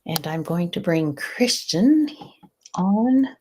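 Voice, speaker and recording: A woman hosting a live session as a stress management coach, speaking in a slow, soothing, guiding way with some softly breathed phrases. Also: lowish voice, very animated, breathy edge.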